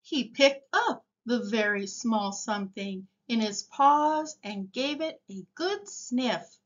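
A woman reading a picture book aloud for young children in a slow, expressive way. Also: fairly high pitch, lo-fi sound. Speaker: storybook reader.

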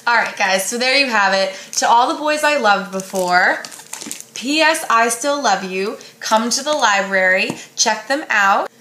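A woman's voice: on the high side, expressive, unhurried, bright, forceful tone, slight background noise. A woman, a school librarian, giving a casual, upbeat book recommendation with filler ums. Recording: echoey room.

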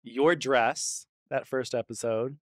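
A man hosting an interview, asking short prompting questions in an unhurried way. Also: medium pitch, fairly even intonation, no echo, clean studio sound. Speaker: podcast host.

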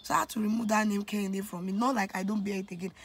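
A woman's voice: mid-range voice, fairly even intonation, racing, a little hiss or hum. A young Nigerian woman in her twenties tells a personal story on her vlog, confiding and emotional, often turning to speak straight to her viewers. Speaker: vlogger.

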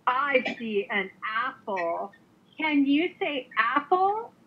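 A woman teaching English to a young learner over a video call, speaking slowly with exaggerated, sing-song cheer and playful sound effects. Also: sits high, sing-song, slightly rough. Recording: muffled lo-fi online call audio.

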